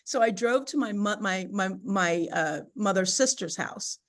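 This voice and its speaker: A woman as a podcast guest, telling a personal story in animated, chatty conversation with frequent fillers. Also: mid-range voice, measured pace. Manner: animated, chatty, laughs often, many "you know" and "right?" fillers.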